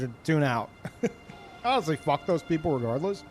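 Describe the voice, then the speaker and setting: A man streaming live in casual chat, ranting in an animated and profane way. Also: on the high side, moderate pace, soft background music.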